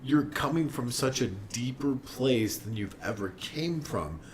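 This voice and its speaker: A man's voice: mid-range voice, animated, a little slow, slight background noise. A man talking earnestly about playing music with his bandmate in a casual podcast chat.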